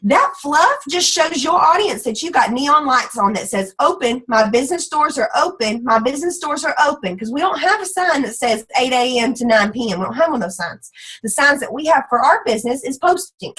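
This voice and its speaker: A woman leading a motivational team call, energetic and folksy, slipping into playful voices for quotes. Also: high-pitched, brisk, husky, low-quality recording. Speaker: team leader.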